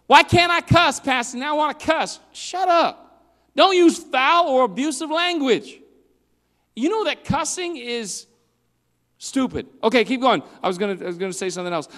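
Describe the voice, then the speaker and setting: Animated high-voiced male youth preacher. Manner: animated preaching, swings from loud to hushed. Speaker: youth pastor. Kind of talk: youth sermon. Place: church hall. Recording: long hall reverb.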